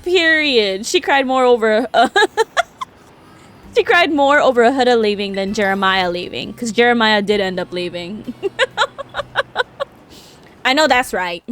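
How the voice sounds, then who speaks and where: A woman streaming a game and chatting casually, gossiping in an animated way with frequent laughter. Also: fairly high pitch. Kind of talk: casual chat while gaming.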